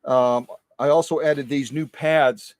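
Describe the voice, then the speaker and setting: Speaking slowly in a steady, slightly mellow mid-range voice, a middle-aged sewing-machine restorer chats casually on his livestream as he packs a machine in the workshop. He tends to repeat phrases and pokes fun at his own mistakes. There's no room sound.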